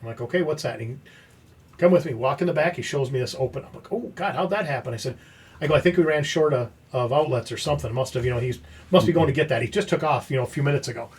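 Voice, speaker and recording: Very fast and husky at a medium pitch, a male podcast host tells a story in casual chat, animatedly acting out each bit of quoted dialogue.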